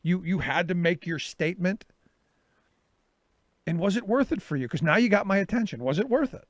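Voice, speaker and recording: A man's voice: high-pitched, animated, moderate pace, dry recording. A middle-aged male talk show host telling a story in a casual monologue and acting out his own exchanges.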